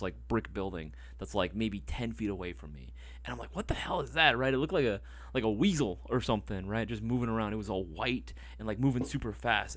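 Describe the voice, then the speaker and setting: A man hosts a casual live stream, talking at a rapid clip. He tells stories with animated energy and swears freely. The sound is dry and close. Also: fairly low pitch, no echo. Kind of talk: casual livestream chat.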